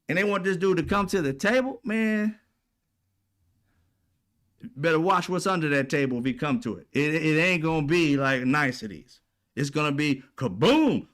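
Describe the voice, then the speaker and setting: A man's voice: a little high, a bit bright. A man delivering an indignant, heavily profane political commentary rant, peppered with rhetorical questions to his audience. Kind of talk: ranting commentary.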